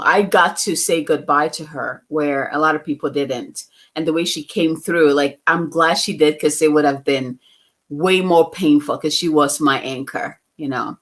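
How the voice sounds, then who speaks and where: In a casual interview, a non-US woman guest, a psychic medium, shares personal stories chattily, laughing often and using fillers. She speaks at a moderate pace in a low-sitting, slightly bright voice.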